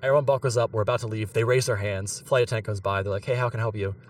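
A young man from Pittsburgh telling an animated story on a podcast, laughing and using many fillers. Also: lowish voice, very fast, a little hiss or hum. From Pittsburgh, USA. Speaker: podcast co-host. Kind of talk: casual storytelling. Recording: a bit far from the mic.

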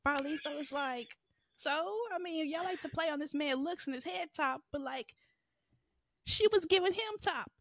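A woman's voice: high voice, normal speed, a bit bright, dry recording, studio quality. A young woman co-hosting a podcast, gossiping with slang and frequent laughter. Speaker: podcast co-host. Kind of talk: casual chat.

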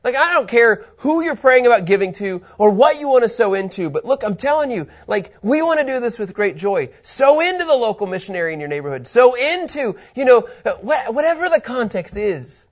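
A middle-aged man giving a casual Bible teaching, animated and quick to laugh, rambling with fillers. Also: extremely high pitch.

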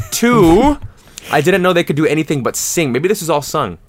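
A man's voice: on the high side, fast talker. A young man co-hosting a casual podcast chat, crude and joking, laughing often. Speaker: podcast co-host.

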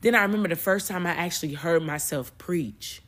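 A young adult woman hosting a podcast, talking casually about faith in an emotional, animated way, often repeating and restarting her words. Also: fairly low pitch, a little fast. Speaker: podcast host and preacher. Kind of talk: casual spiritual talk.

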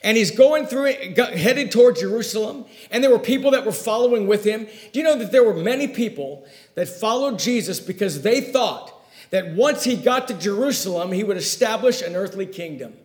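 A man with a notably high-pitched voice delivers a sermon, reading scripture and then unpacking it verse by verse. His delivery swings between loud, emphatic declarations and low, hushed asides. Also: lively intonation, normal speed. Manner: dynamic preaching with sharp swings in loudness and pitch. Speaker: pastor.

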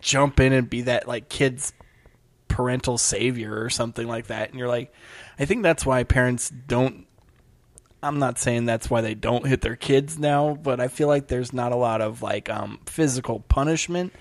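A man's voice: mid-range voice, normal speed, no room sound. Rambling man with a dry close sound. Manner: rambling, full of fillers and restarts. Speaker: stand-up comedian. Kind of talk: casual podcast chat.

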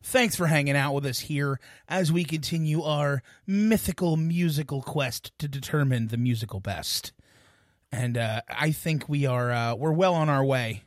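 Co-hosting a music podcast, a man jokes and rambles casually, poking fun at himself. His voice is fairly high at normal speed, recorded clean in a studio with no room sound.

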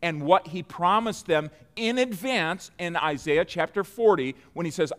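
Man, high-pitched voice, preacher, earnest sermon, slow emphatic scripture reading. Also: fairly bright tone. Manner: earnest, slows down to stress scripture, frequent restarts.

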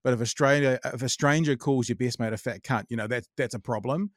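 A New man hosts a relaxed podcast conversation in a mid-range voice. He thinks aloud, sums up his guest's points and chips in with steady agreement. The recording is dry and close. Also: mid-range voice, no room sound. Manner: reflective, sums up the guest, many quick yeahs. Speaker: podcast host. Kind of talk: casual podcast chat.

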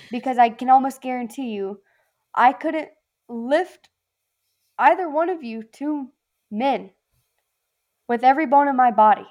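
A woman with a Southern accent, a former Marine appearing as a podcast guest, talks in a slightly high, somewhat mellow voice on a muffled recording. In casual chat she's blunt, emphatic, and swears a lot.

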